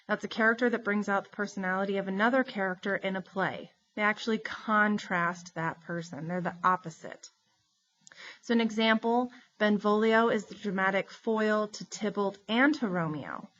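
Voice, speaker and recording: Woman teacher going through vocab for class, steady clear explaining, kinda muffled lo-fi mic. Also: mid-range voice. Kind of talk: recorded classroom lesson.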